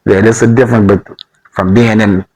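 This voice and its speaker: A man from Alabama with a Southern accent, casually telling stories in a relaxed, slangy way with chuckling asides. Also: fairly low pitch, brisk, rough recording. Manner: laid-back storyteller, slangy, chuckling asides. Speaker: vlog co-host. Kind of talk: casual chat.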